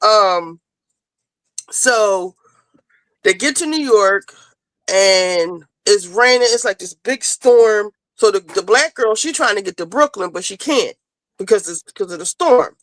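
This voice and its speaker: A woman's voice: medium pitch, lively intonation, a little slow, a bit bright, no echo, low-quality recording. A woman hosting a casual talk show, rambling as she retells a TV episode and acts out the characters' lines. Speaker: podcast host.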